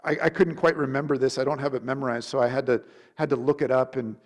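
A man's voice: medium pitch, fairly even intonation, quick pace. A man preaching in a loose, conversational sermon, with frequent restarts, many uses of "like", and quoted questions acted out in changing voices. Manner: casual, rambling, many restarts and "like".

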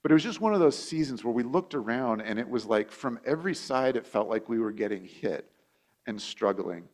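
A man's voice: medium pitch, lively intonation, a little fast. Pastor, male, conversational sermon delivery; repeats and restarts words, acts out quoted voices.

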